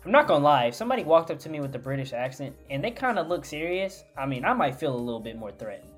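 A man's voice: a little high, sing-song, quick pace, faint music behind. Playful man telling stories. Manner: playful, storytelling, laughing. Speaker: podcast guest. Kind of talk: casual chat.

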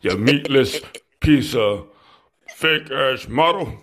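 A man's voice: medium pitch, lively intonation, slow, fairly bright tone. A man throwing rambling, boastful crude insults, a bit out of breath. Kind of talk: crude trash talk.

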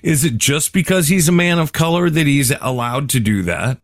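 A man's voice: on the high side, moderate pace, no echo. A man co-hosting a podcast in casual chat, laid-back and saying "dude" often, close to the mic. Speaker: podcast co-host.

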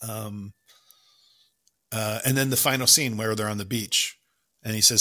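Bright-voiced man enthusing about film. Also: lowish voice, steady tone. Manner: enthusiastic, quotes characters in quick bursts. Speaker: podcast co-host. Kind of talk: casual film analysis chat.

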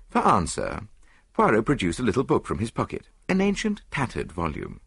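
A man reading an audiobook in measured first-person narration on a close studio mic. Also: on the low side, huge pitch swings, gravelly, fairly bright tone, slightly rough, dry recording.

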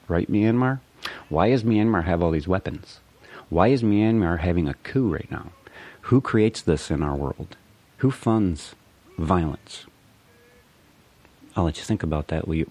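A man's voice: sits low, moderate pace, dark tone, slightly rough. A man delivering a profane, rambling, sarcastic political rant. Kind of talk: ranting political monologue.

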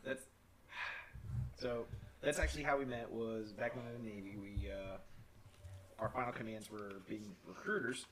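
A man's voice: on the low side, steady tone, moderate pace, long pauses, a bit bright, a little hiss or hum. Rambling, laughing young man telling stories. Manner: storytelling, laughs often, rambling with restarts. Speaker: podcast co-host. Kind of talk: casual chat.

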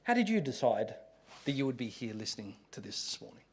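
A man with an Australian accent, preaching a sermon as pastor, with humor and dramatic pauses. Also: medium pitch, big pitch swings, husky.

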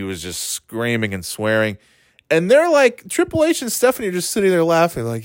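A man hosting a casual podcast, rambling through a story, swearing freely and mimicking people in quick asides. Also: a little high, wildly swooping pitch, no room sound, studio quality. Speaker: podcast host.

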